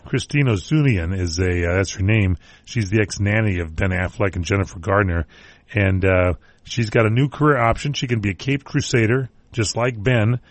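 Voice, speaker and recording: A man's voice: fairly low pitch, normal speed, dry recording. A man hosting a talk radio show, chatting casually and joking about entertainment news. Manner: wisecracking, rambling.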